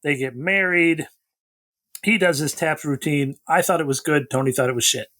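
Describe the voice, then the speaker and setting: A man with a slightly high voice chats casually with a co-host about a movie he watched. He retells scene after scene and slips into quoted lines as he goes. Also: normal speed. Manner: animated storyteller, acts out quotes. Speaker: podcast co-host. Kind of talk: casual chat recapping a film.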